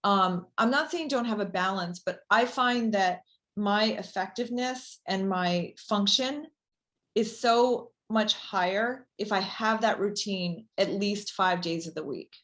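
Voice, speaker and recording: A woman being interviewed as a company founder, talking casually and chattily with many fillers, warming into an enthusiastic pitch. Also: unhurried.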